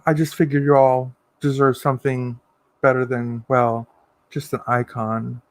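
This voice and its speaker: A man hosting a casual livestream, reading viewer comments aloud and answering in a sassy, campy way with drawn-out endearments. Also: medium pitch, level tone, no echo. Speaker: livestream host.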